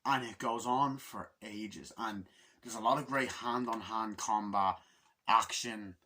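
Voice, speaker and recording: Husky-voiced man swearing through a review. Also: on the low side, steady tone, measured pace, pushed and bright. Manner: rambling, swears constantly, acts out scenes in quoted voices. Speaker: movie reviewer. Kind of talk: casual spoken movie review.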